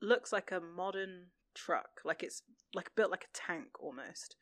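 A woman's voice: lowish voice, measured pace, dry recording. A woman co-hosting a podcast, chatting in a rambling way about a TV episode. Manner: rambling, many fillers and restarts. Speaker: podcast co-host. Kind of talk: casual chat recapping a TV episode.

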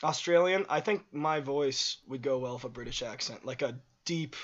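A young man chatting casually with a friend, enthusiastic and quick to laugh. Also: medium pitch, lo-fi sound. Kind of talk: casual chat.

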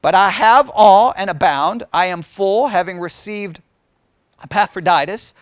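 Middle-aged male Bible study teacher, high voice, dry close mic, lively and conversational with the group. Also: a little slow, dry recording. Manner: chatty, animated, asks the group questions.

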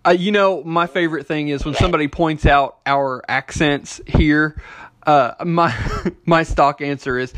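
A man with a Kentucky accent hosting a casual interview, easygoing and quick to laugh. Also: a little high, fairly even intonation, a bit bright, no room sound. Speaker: host.

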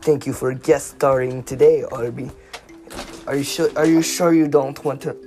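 A young woman rambling on her own podcast at home, stuttering and repeating words, self-mocking and bursting out loud between mumbles. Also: extremely low pitch, fairly even intonation, moderate pace, faint music behind. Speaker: podcast host. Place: home recording studio room with her dog.

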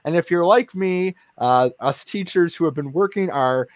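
A man's voice: fairly high pitch, moderate pace, no room sound, studio quality. A man hosting a casual interview, chatty, with many fillers and restarts and frequent laughter. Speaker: interview host.

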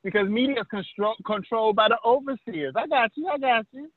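A man's voice: very high voice, fairly quick, no echo. A man co-hosting a casual political chat, cutting in with joking and contrarian remarks. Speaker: podcast co-host. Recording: tinny phone line.

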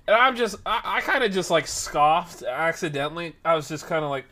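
A young man casually telling a workplace story on a stream, acting out the people in it and getting loud at times. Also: a little high, moderate pace. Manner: animated, acts out quoted voices, rises to loud outbursts.

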